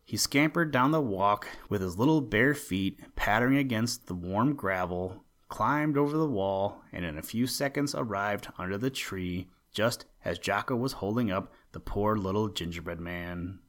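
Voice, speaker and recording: A man hosting a podcast, reading a children's story aloud in a gentle, measured storytelling manner. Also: on the low side. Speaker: podcast host and story reader. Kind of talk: storybook read-aloud narration.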